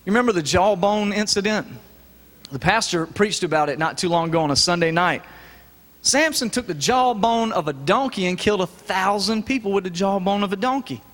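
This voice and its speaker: A preacher with a high, light voice delivers a lively, folksy sermon to his congregation. The sound carries the long echo of a church sanctuary. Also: normal speed. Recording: echoey church hall.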